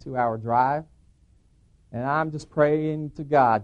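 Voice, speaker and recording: A man's voice: medium pitch, takes it slowly, lo-fi sound. A middle-aged man telling a personal testimony to an audience as an earnest storyteller who acts out the dialogue he quotes. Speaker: preacher giving a personal testimony.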